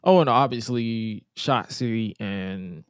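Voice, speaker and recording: A man's voice: fairly low pitch, takes it slowly, smooth, no echo, clean studio sound. A young man co-hosting a wrestling podcast in loose casual chat, slangy and given to repeating himself. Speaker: podcast co-host.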